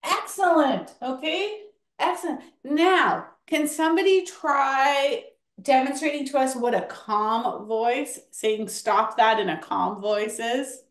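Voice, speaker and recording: Encouraging woman host for a kids' workshop, high voice, roomy echo. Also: slow. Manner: encouraging, animated, counts kids in. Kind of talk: lively classroom-style teaching.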